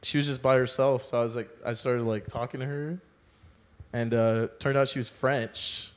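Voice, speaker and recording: Young male podcast guest, loose rambling storyteller, mid-pitched. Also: steady tone, normal speed. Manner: rambling, filler-heavy storytelling. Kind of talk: casual chat.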